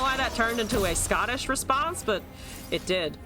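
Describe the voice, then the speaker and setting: A woman's voice: a little high, normal speed. A young adult woman giving live commentary on her card game, swearing, laughing and answering chat as she plays. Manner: animated, swears and laughs, reads chat aloud. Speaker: streamer. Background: faint music.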